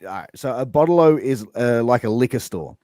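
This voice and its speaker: A man's voice: mid-range voice, animated, moderate pace, darkish tone, dry recording, clean studio sound. An Australian man hosting a casual interview, playfully quizzing his guest on slang and explaining each word with an example. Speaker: host.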